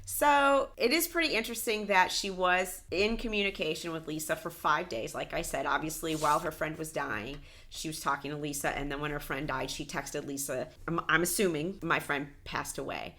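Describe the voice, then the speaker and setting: A woman hosts a casual recap in a chatty way, retelling what happened in the episode. Her voice sits lowish with a bright, forceful edge. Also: moderate pace, few pauses, slight background noise. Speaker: podcast co-host.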